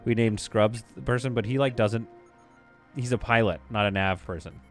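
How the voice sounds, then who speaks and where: A man's voice: on the low side, steady tone, normal speed, soft background music. A man casually talking through a game on a live stream, reading viewer comments aloud. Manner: casual, chatty, reads chat aloud.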